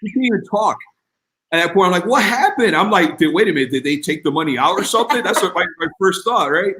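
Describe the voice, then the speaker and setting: Male guest retelling a story; lively, acts out both sides, pitched a touch high. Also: quick pace. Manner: acts out dialogue, voice jumping high. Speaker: guest telling his story. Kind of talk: animated storytelling.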